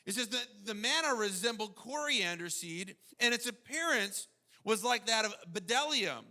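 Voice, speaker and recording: A male pastor delivering a sermon with animated energy, now and then putting on mocking voices to quote his subjects. His voice sits very high and sounds sharp and bright. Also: normal speed.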